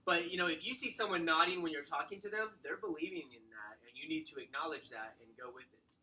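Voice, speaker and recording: A man giving a casual sales training talk, animated and acting out client exchanges. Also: a little high, quick pace, a little hiss or hum, rough recording. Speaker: real estate sales trainer.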